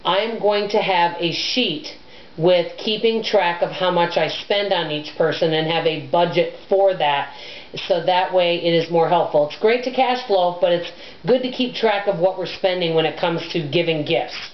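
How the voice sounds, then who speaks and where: A middle-aged woman with a loud, abrasive voice, chatting to camera in a rambling, self-deprecating way as a personal finance vlogger. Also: fairly low pitch, moderate pace. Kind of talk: casual chat to camera. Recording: echoey room, dull lo-fi sound.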